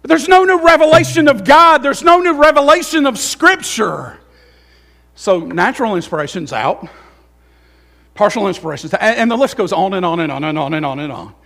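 High, gravelly preaching man. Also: animated, a little fast. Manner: emotional, swings between loud preaching and quiet musing. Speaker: pastor. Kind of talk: sermon. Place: church sanctuary.

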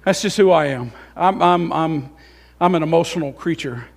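A middle-aged male pastor preaching a sermon in a church, emotional, with swings between loud, fervent passages and quiet, musing asides. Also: a little high, normal speed, creaky. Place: church sanctuary.

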